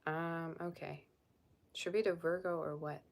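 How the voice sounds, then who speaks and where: A woman's voice: low voice, steady tone, unhurried, gravelly. A woman tarot reader chatting on a live stream, blunt and sassy as she reads and answers viewer comments. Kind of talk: casual live-stream chat.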